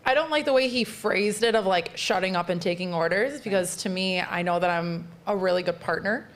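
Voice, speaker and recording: A woman on a podcast panel giving her view in a measured, self-assured way. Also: medium pitch. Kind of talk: casual discussion.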